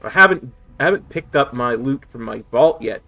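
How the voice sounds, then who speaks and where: A man's voice: mid-range voice, lively intonation, fairly quick, vocal fry, pushed and bright. A man streaming a game, chatting casually with viewers, with a slight lisp from a sore tongue. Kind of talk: casual live-stream chat.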